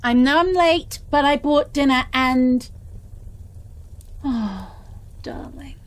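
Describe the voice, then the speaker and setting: A woman voicing an obsessive, possessive female boss in a whispered role-play, sweet and quietly menacing. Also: high-pitched, fairly even intonation, takes it slowly, gravelly, husky, dry recording, full character voice. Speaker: audio role-play performer.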